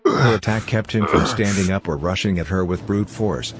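A man narrating a story in a steady, measured scripted reading. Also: low-pitched, loud music behind the voice. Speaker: audiobook narrator.

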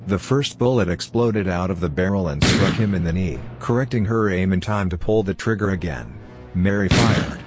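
Deep-voiced man narrating an audiobook. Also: moderate pace, music in the background. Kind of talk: scripted narration.

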